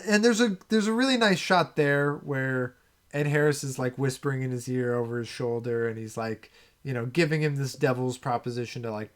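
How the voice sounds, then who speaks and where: A man on a film discussion podcast, thinking out loud as he walks through a scene. He speaks in a middling voice, loose and conversational, with frequent "like" and "uh" fillers. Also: medium pitch. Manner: relaxed, thinking aloud with many fillers. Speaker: podcast co-host.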